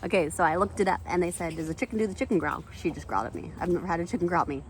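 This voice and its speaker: A woman's voice: rapid-fire, noisy background. A woman, chatting casually on her home vlog about her chickens, garden and baking. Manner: chatty and animated, jumping up high when talking to animals and kids. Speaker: vlogger, mother of eight. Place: outdoors in a backyard chicken coop and kitchen.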